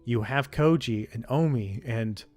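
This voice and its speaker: A man reading the lines of an earnest young female college student who pleads with a friend, keeping his own mid-pitched voice. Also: measured pace, darkish tone, soft background music, lightly acted. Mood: pleading.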